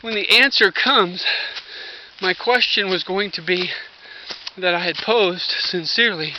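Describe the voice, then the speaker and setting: A middle-aged man talking earnestly about spiritual things while hiking up a wooded trail, short of breath, with halting restarts, recorded on a handheld camera. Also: high voice, dull audio, background noise. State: out of breath from climbing. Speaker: vlogger. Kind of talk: rambling walk-and-talk vlog. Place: outdoors on a wooded hillside trail. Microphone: handheld camera while walking.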